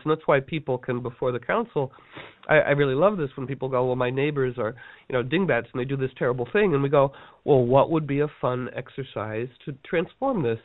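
A man teaching a workshop in a casual storytelling talk, animated and playful, acting out the people he quotes. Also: medium pitch, no room sound. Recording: dry tinny phone-like line.

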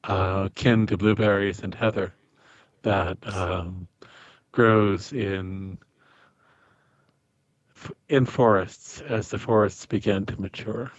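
A man speaking slowly and haltingly, his voice a little low and husky. The recording sounds dull and dry. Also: steady tone, no echo. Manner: halting, with pauses and fillers.

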